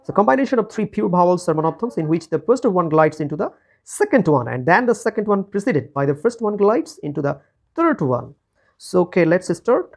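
A man teaching phonetics in a recorded lesson, slowly repeating each example word and correcting himself as he goes. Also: high voice, very animated, gravelly.

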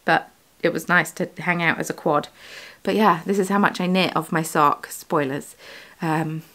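A woman's voice: deep voice, fairly even intonation, moderate pace, a bit bright. A British woman, the host of a crafting vlog, chatting casually from her home studio, rambling and correcting herself as she goes. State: has the hiccups. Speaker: yarn dyer and vlogger.

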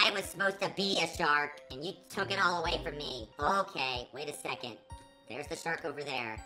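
A woman hosting a let's play, reacting dramatically with panicky yelling and pleading. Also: medium pitch, poor audio. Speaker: gaming channel host. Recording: voice over game music.

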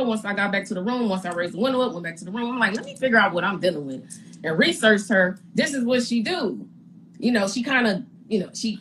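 A woman retelling a story in a casual live-stream chat, animated and indignant, often stammering and repeating words as she builds her point. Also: medium pitch, a little hiss or hum, rough recording. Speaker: reality TV guest recounting her experience.

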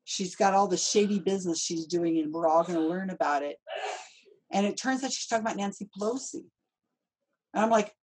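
A woman hosting a casual conversation, telling stories in a chatty, animated way. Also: mid-range voice, a little fast, breathy edge, rough recording. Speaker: host.

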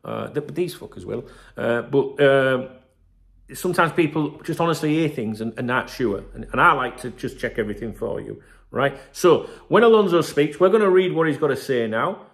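A man's voice: mid-range voice, expressive, normal speed, vocal fry. Chatty emphatic man. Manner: chatty, emphatic, keeps asking "right?", swears. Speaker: football channel host. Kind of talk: casual commentary to camera.

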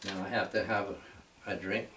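A man hosting a radio show who reads a translated poem in a slow, measured, slightly hesitant way. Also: low-pitched, little pitch movement, reverberant, far from the mic, noisy background. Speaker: radio host. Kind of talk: poetry reading.

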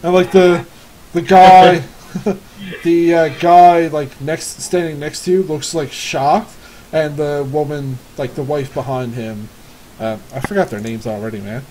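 A man running a tabletop game as game master, laughing often and filling pauses with "like" and "uh". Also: fairly high pitch, steady tone, darkish tone, poor audio. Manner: laughs often, many fillers.

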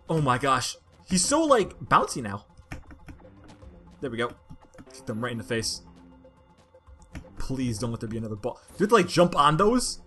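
A woman giving casual commentary over a platformer, talking to herself in frustration and bursting into loud complaints. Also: very deep voice, sing-song, moderate pace, long pauses, soft background music. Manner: exasperated, frustrated self-talk that bursts into loud outbursts. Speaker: let's play gamer.

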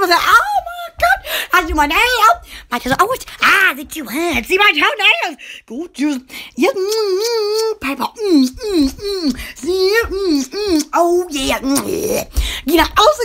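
A woman hosting a casual live stream for her online shop, excitable and giggly, with frequent squeals and exclamations. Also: very high-pitched. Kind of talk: casual live-stream chat and product selling.

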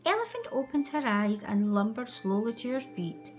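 A woman reading a children's picture book aloud with an expressive, animated delivery. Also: fairly high pitch, moderate pace, soft background music. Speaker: storyteller. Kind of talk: children's story read aloud.

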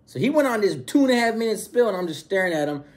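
A man with a slightly higher-pitched voice tells a story in relaxed street slang. He retells it in an animated way and acts out the lines of the other people in it. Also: very fast. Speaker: storyteller recounting prison experience. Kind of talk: casual storytelling.

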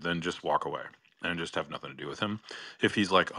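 A man's voice: deep voice, expressive, fast, bright, forceful tone, no room sound. A man on a casual call-in discussion, rambling with many fillers and giving earnest advice.

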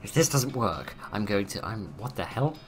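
A man's voice: fairly low pitch, big pitch swings, moderate pace, a little hiss or hum. A man hosting a let's play, reading out game text and making wry, muttered jokes.

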